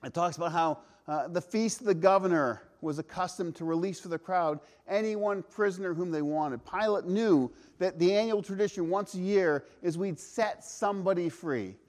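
A pastor preaching a sermon, earnest and emphatic, slowing for weight and firing off rhetorical questions. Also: male voice, sits high, darkish tone.

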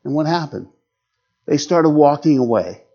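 A middle-aged man preaching a sermon dramatically, rising to urgent peaks and dropping to hushed lows. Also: lively intonation, unhurried, slightly rough. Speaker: pastor. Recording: dull lo-fi sound.

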